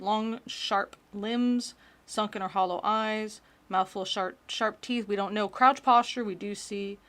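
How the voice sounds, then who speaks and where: A woman streamer chatting casually and joking as she reacts to creepy videos. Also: medium pitch. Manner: chatty, joking, rambling asides.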